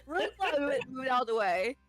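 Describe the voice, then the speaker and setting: A woman's voice: high-pitched, big pitch swings, quick pace, faint music behind. A woman playing a tabletop role-playing game, giggly and stammering as she describes her actions. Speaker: player. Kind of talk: casual tabletop play.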